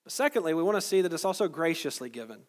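A male pastor with a somewhat high voice, preaching in an easy, conversational way. He goes through the text verse by verse and stops to quiz his listeners. His voice carries a long reverb from a large hall. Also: sing-song, rapid-fire. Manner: conversational, explains verse by verse, asks the crowd questions. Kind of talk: sermon.

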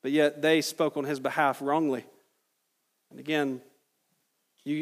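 Emphatic male preacher in a reverberant church. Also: fairly high pitch. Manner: earnest, emphatic preaching with rising intensity on key phrases. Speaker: pastor. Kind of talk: sermon. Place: church sanctuary. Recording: long hall reverb.

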